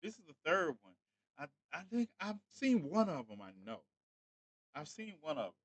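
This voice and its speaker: A man's voice: fairly high pitch, very animated, normal speed, a bit bright, dry recording. A man hosting a casual livestream, chatting straight to his viewers. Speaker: livestream host.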